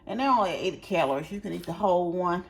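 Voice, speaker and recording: Chatty woman vlogger, lowish voice. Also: fast, far from the mic. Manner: chatty, keeps addressing viewers directly. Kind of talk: casual vlog chat. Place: at home, unpacking groceries. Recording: echoey room with background noise.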